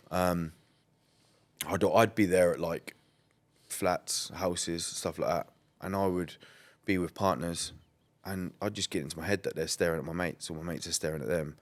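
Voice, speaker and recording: Deep-voiced man telling stories. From England. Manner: rambling, many "like" and "um" fillers, blunt and swearing. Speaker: podcast guest. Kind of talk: candid conversational storytelling.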